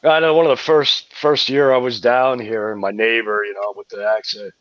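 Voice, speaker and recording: A man's voice: medium pitch, flat delivery, normal speed, a bit bright, no echo, highs cut off. A man with a New York accent, a band member guesting on a podcast, rambling and swearing casually between laughs. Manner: profane, rambling, laughs often. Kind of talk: casual crude podcast banter.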